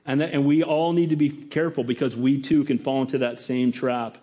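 A male pastor preaching a sermon, animated, acting out the voices of the people he quotes. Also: medium pitch, brisk.

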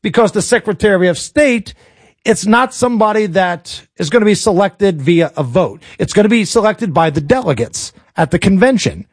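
Male talk host with a high voice, dry close mic, sarcastic folksy rants. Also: expressive, normal speed, no echo. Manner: sarcastic, colloquial, jokey rants. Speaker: radio talk show host. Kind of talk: opinionated political talk radio.

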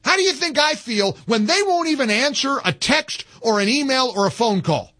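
A man's voice: very high voice, expressive, normal speed, sharp tone. A man hosting a talk radio show, delivering a fired-up political rant that is emphatic and repetitive. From American South. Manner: emphatic, repetitive, restarts mid-sentence.

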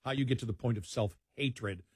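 An older man from New York, talking on a late-night radio show. He is animated and jumps up in pitch when he acts out the voices of other people. His studio mic sounds dry and close. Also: normal speed, slightly rough, no echo. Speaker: radio talk show host. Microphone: studio microphone.

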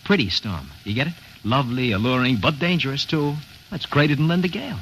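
A man's voice: medium pitch, expressive, fairly quick, a bit bright, slight background noise, close to an everyday voice, poor audio. A man playing a pushy Hollywood press agent. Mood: pushy, excited. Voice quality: salesy, wheedling, laughing. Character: fast-talking Hollywood publicity man, pushy and excitable. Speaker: publicity man. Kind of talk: 1940s radio acting.

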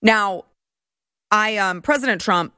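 A woman's voice: medium pitch, slow, pushed and bright, smooth, no room sound, clean studio sound. A woman in her thirties hosting a political commentary show, talking in an indignant, ranting way.

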